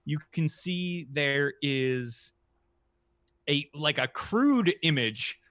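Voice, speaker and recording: A man running a tabletop game as game master, narrating in a relaxed, halting way with many fillers. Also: a little high, no echo, studio quality. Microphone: podcast mic.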